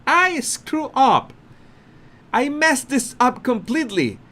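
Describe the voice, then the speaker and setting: A man doing a high, whimpering impression of a flustered prince who keeps apologizing for messing up. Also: big pitch swings, takes it slowly, sharp tone, slight background noise, heavily acted.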